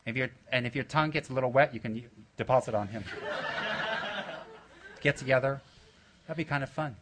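A man's voice: medium pitch, moderate pace, background noise. A man teaching a group of students, joking and rudely teasing them, coaxing them with questions and laughing often. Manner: joking and playfully rude, laughing often, bursts of loud excitement; coaxing, asks the room questions. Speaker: spiritual teacher addressing his students. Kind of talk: teasing, rambling talk to a group.

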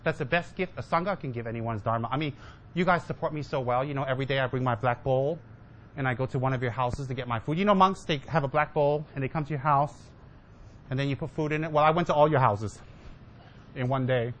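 A man's voice: medium pitch, quick pace, a bit bright, a little hiss or hum. A man giving a humorous Dharma talk as a Buddhist teacher, joking with and teasing his listeners and mimicking his students.

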